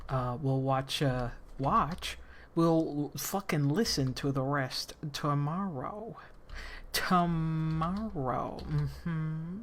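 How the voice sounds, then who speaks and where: A woman streams live and chats casually. She talks slowly in a lowish voice, joking crudely and swearing freely. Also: slight background noise.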